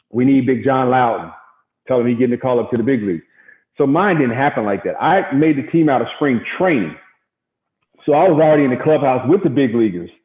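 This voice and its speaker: A middle-aged man from Gary, Indiana, a former baseball pitcher, telling stories in a casual interview and acting out quotes. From Gary, Indiana, USA. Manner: animated storyteller acting out quotes. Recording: echoey, tinny phone-like sound.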